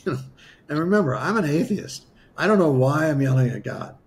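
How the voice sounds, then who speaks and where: Gravelly man telling a personal story. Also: on the high side, moderate pace, a little hiss or hum. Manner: animated, acts out his own past dialogue; conversational, with many asides and restarts. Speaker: spiritual healer guest.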